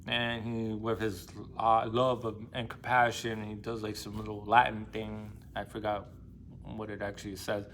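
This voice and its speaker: A man's voice: lowish voice, monotone, normal speed, fairly bright tone, slight background noise. A man retelling a classic novel for a book discussion channel, speaking loosely and rambling, with lots of fillers and casual slang.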